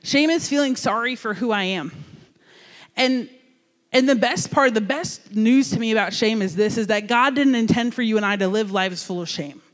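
A man from New Jersey giving a sermon as a youth pastor, telling a story in an animated, jokey, conversational way. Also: sits high, normal speed, big-room sound.

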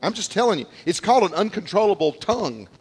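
Middle-aged man, pastor, animated sermon storyteller, somewhat high voice, echoing church hall. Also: fast, slightly rough. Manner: animated storytelling, repeats words, acts out quotes. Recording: long hall reverb.

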